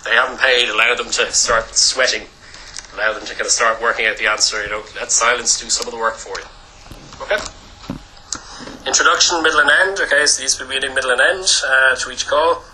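A man giving a training lecture to a class. He talks loudly and briskly, checking in with "okay?" after nearly every point. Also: mid-range voice, slight background noise, rough recording. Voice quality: loud voice. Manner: brisk, peppers lines with "okay?".

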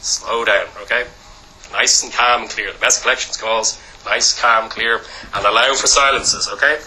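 A man giving a training lecture to a class. He talks loudly and briskly, checking in with "okay?" after nearly every point. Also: lowish voice, fairly even intonation, poor audio. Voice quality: loud voice. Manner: brisk, peppers lines with "okay?".

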